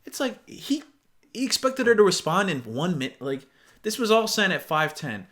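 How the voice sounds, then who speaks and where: A man riffs sarcastically in a casual reaction commentary, exasperated and quick to swear. His voice sits a little high and swings widely in pitch. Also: sing-song, a bit bright. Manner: laughs often while reading. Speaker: reaction video host.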